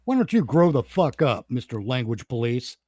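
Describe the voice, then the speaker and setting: A man's voice: medium pitch, big pitch swings, normal speed, warm tone, no room sound. A man hosting a casual podcast chat, ranting bluntly and swearing freely. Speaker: podcast host.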